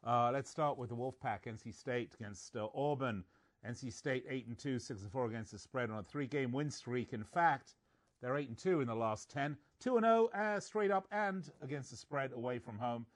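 A man hosting a sports betting podcast, reading stats and teasing his co-host in casual chat. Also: mid-range voice. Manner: joking, reads stats quickly.

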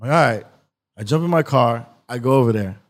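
Speaking fast with a mid-range voice, a male guest on an interview show spins a long, casual, rambling tale. He's a skit creator, packing the story with filler and animatedly performing the quoted lines.

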